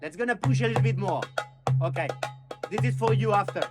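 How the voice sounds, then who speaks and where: A man teaching hand-drum technique, chanting drum syllables and counting beats in halting. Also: high voice, loud music behind the voice. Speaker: percussion teacher. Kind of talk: hands-on music lesson.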